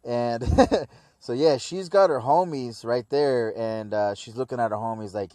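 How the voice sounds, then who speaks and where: A man's voice: medium pitch, moderate pace, a little mellow, no echo, studio quality. Slangy rambling male anime reviewer. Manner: slangy, rambling, lots of dude and man. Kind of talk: casual episode review.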